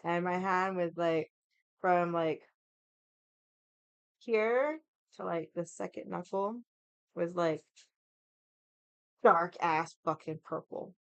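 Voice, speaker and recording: A woman's voice: fairly low pitch, takes it slowly, long pauses, smooth, dry recording, highs cut off. A woman streamer telling a story in casual chat, profane and rambling, saying "like" constantly. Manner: profane, rambling, heavy use of "like".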